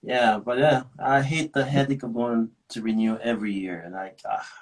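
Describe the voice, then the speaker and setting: A man hosting a casual live chat, telling animated stories and slipping into Korean phrases. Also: mid-range voice, moderate pace, poor audio. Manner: animated storytelling, switches into Korean. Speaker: host.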